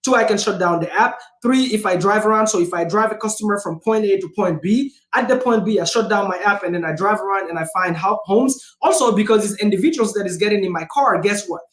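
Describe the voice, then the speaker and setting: A man hosting a livestream as a real estate investor, speaking in a casual, energetic, emphatic way and repeating phrases for punch. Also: sits high, fast talker, hardly any pauses, roomy sound. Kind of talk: casual motivational talk.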